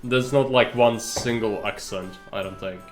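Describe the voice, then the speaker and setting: Male streamer, mid-pitched, casual and rambling, in a roomy space. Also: unhurried, music in the background. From Czech Republic. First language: Czech. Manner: rambling, searching for words. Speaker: game streamer. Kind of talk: casual live-stream commentary.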